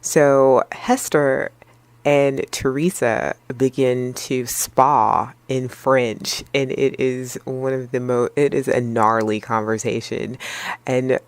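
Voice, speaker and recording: A woman hosting her own channel, recapping a film in a relaxed, chatty way with playful slang and jokey asides. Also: a bass voice, slow, no echo. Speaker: movie review vlogger. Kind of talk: casual spoken movie review.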